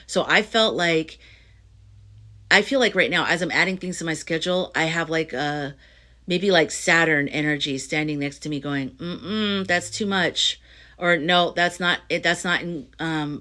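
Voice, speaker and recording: A woman's voice: fairly low pitch, fairly bright tone. A middle-aged woman talking straight to her viewers in a casual spiritual monologue, rambling and earnest, full of restarts and fillers. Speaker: astrology and tarot reader.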